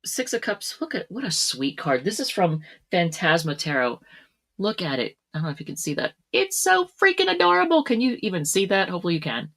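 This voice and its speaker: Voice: medium pitch, expressive, brisk, a bit bright. A tarot reader giving a casual reading to camera, chatty, with frequent laughs and plenty of fillers.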